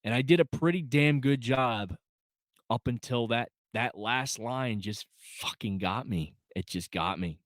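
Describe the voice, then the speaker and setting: A man's voice: mid-range voice, measured pace, no echo, clean studio sound. A man casually reviewing a film, rambling with many fillers and restarts, choked up and holding back tears. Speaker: movie reviewer.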